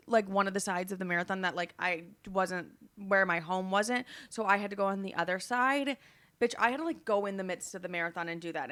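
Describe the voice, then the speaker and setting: A woman's voice: mid-range voice, a bit bright. Chatty, foul-mouthed young woman podcaster. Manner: chatty, swears freely, dramatic asides. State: tired and low on energy. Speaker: podcast host. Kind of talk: casual solo podcast chat. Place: her apartment, construction noise outside.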